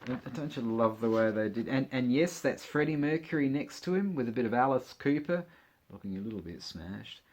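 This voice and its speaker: A man talks to his camera in a loose, casual way, with his voice sitting at an ordinary middle pitch. He laughs often and drops playful little jokes as he talks. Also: animated, fairly quick, a little mellow. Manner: chatty, giggly, joking asides while leafing through a magazine. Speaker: vlogger. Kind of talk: casual chat.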